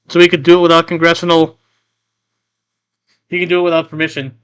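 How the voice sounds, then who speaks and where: Bright, clear-voiced rambling game master. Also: male voice, a little high, monotone, fast talker. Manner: rambling, many restarts and off-topic asides. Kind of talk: casual narration of a tabletop game.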